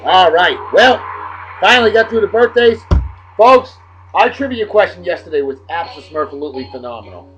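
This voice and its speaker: A man hosting a casual video show, giving rowdy, jokey shout-outs that swing between loud bursts and low asides. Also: expressive, moderate pace. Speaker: host of a daily beer and music video show. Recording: dull lo-fi video with music underneath.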